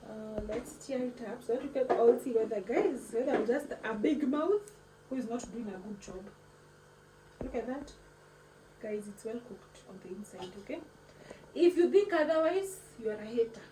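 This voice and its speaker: At a moderate pace and with a warm tone, a woman hosts her casual cooking vlog, chatting playfully in a fairly high voice and weaving words into her English. A distant mic in an echoey kitchen picks up clear background noise.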